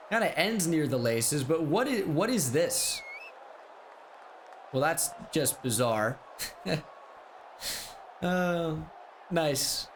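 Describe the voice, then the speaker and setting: A man giving casual video game commentary, rattling off stats in a quick, offhand way. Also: on the high side, fairly bright tone. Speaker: gaming YouTuber.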